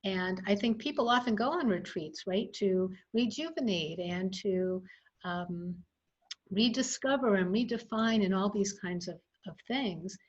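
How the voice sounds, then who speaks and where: A woman guest expert reflects aloud in a relaxed webinar chat. Her voice sits mid-range and comes through somewhat dull, like video call audio. She talks thoughtfully, pausing often with ums. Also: medium pitch. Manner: reflective, thoughtful, with frequent fillers. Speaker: guest expert on early childhood education. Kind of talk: casual webinar conversation.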